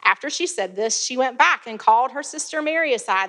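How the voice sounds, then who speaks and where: A woman's voice: on the high side, normal speed, few pauses, a bit bright. A woman teaching a Bible passage in a chatty, casual way, laughing and using frequent fillers.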